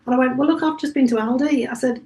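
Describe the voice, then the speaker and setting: A woman's voice: high-pitched, fairly even intonation, fast talker, warm tone, low-quality recording. A woman with an English Midlands accent, a bookshop cafe owner chatting in an interview and acting out the dialogue of the stories she tells. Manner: chatty storyteller, acts out quoted dialogue. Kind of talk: casual interview chat.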